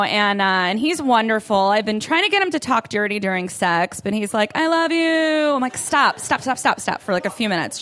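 A woman's voice: high voice, fairly bright tone, a little hiss or hum. A young woman performing a chatty, self-deprecating stand-up set on a club stage. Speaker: stand-up comedian. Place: comedy club stage with audience. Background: audience laughter.

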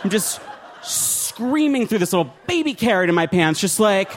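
Animated stand-up comedian, high lively voice. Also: male voice, normal speed, slight background noise. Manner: animated, self-mocking, shouts punchlines. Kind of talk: stand-up set. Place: live comedy show before an audience.

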